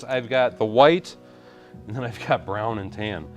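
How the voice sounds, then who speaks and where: Deep voiced guy rambling on his stream while sorting pieces, mic a bit back from his face. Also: unhurried, faint music behind. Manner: rambling, greets viewers while sorting bricks. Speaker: live-stream host. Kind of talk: casual live-stream chat. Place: home hobby room. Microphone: mic kept a little away from the face.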